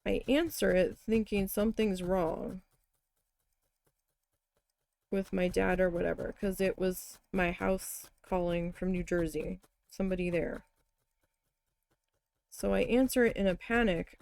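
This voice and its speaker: A woman with a lowish, slightly mellow voice and vocal fry talks at a normal speed with fairly even intonation. As a crafting vlogger, she needle felts while casually telling blunt, heavily profane stories. The recording is dry.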